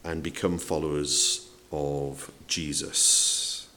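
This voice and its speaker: A man's voice: extremely low pitch, little pitch movement, takes it slowly, sharp tone, a little hiss or hum. A man preaching a sermon in a conversational way, asking the congregation questions and acting out quotes. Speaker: pastor.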